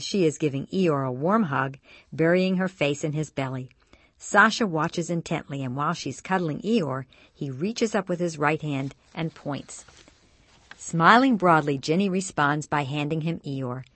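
A woman co-hosting a radio show, reading a scripted story in a measured, expressive way. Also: sits low, no echo.

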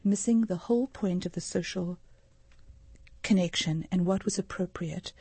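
A woman's voice: fairly low pitch, normal speed, dark tone, husky, dry recording. A middle-aged woman from Africa, a social worker explaining earnestly as a radio interview guest. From South Africa. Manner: earnest, explanatory, gives anecdotes.

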